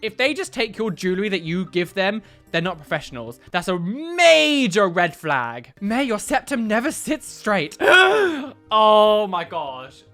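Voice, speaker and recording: A man's voice: high-pitched, very animated, moderate pace, hardly any pauses, fairly bright tone. Young man, reaction host, exclamatory, laughing often, faint music behind. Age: young adult. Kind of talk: reaction commentary.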